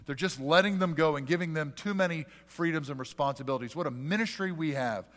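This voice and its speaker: A man's voice: fairly high pitch, quick pace, a bit bright. A man in his forties, a pastor preaching a sermon in a church sanctuary, earnest and fond of rhetorical questions. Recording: long hall reverb.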